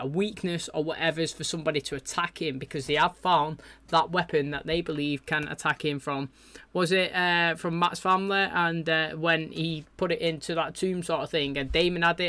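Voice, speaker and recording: A man's voice: fairly high pitch, pushed and bright. A man, recapping a TV episode in a rambling, chatty way with lots of fillers. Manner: rambling, chatty, loose paraphrasing with frequent fillers. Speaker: TV reaction channel host.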